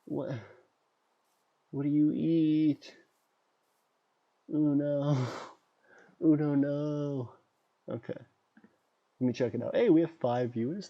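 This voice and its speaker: A man hosting a casual livestream while gaming, rambling excitably and chatting to the creatures on screen. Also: on the high side. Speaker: livestream host. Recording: dull lo-fi sound with faint background beats.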